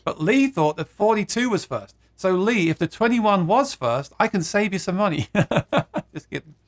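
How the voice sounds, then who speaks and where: A man's voice: sits high, animated, moderate pace. A man hosting a live guitar stream, chatting casually, reading viewer comments aloud and laughing at his own jokes.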